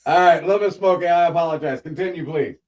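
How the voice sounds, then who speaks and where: A man's voice: fairly high pitch, quick pace, a crowd in the background, low-quality recording. A man hosting a casual talk show, playful and teasing as he introduces his guests. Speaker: host.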